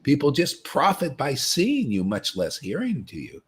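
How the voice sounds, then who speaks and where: Male spiritual teacher, husky, lively swoops in pitch, rambling storyteller. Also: normal speed. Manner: rambling, animated storytelling that mocks other devotees. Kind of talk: informal spiritual talk.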